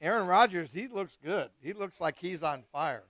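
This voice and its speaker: A man hosting a live wine tasting, chatting casually and excitedly with guests and swearing freely. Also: sits high, normal speed, no room sound. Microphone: live stream mic.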